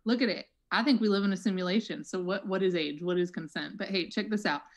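A woman's voice: on the low side, quick pace, close to an everyday voice. A woman playing a smug, boastful male tech billionaire with a put-on South African accent, in an online improv comedy show. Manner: smug, mocking. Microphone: computer mic on a video call.

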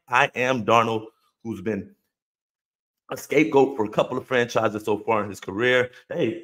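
A man of middle pitch hosting a sports talk podcast. He talks emphatically and casually, hammering points home by repeating phrases and dropping the odd curse. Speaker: podcast host.

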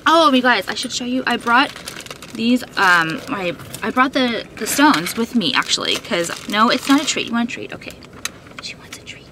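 A woman's voice: a little high, expressive, moderate pace, background noise. A woman vlogger filming herself on a phone, venting to camera in an upset way, swearing often and filling her talk with "like". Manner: upset, swearing, full of 'like'. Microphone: phone held while filming.

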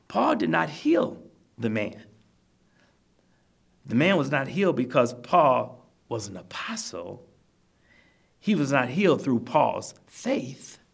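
A minister with a mid-range voice, vocal fry, and a breathy edge preaches a sermon to nursing home residents. He explains scripture in plain terms and repeats his points, exhorting and encouraging them.

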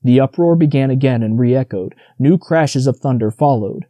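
A man reading a storybook audiobook aloud in a steady, measured narration. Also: medium pitch, dry recording.

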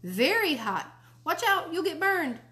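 A woman reading a storybook aloud, voicing a small mischievous boy who is jealous of his baby sister in a high, childlike, whiny voice. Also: sing-song, measured pace, sharp tone, heavily acted. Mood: playful.

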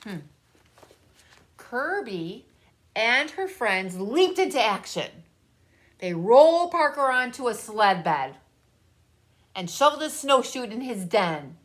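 A woman reading a children's story aloud and talking directly to the children listening. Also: medium pitch. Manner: animated, talks directly to children.

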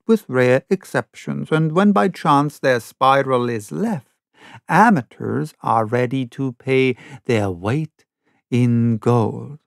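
A man narrating an unabridged classic novel in a slow, measured reading. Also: medium pitch, creaky, no room sound, studio quality. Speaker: audiobook narrator.

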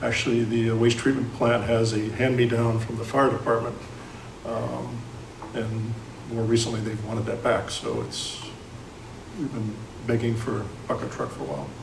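A man, who appears to be city staff, answering a committee in a halting way, with pauses and fillers. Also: mid-range voice, flat delivery, vocal fry. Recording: distant, echoey meeting-room mic with noise.

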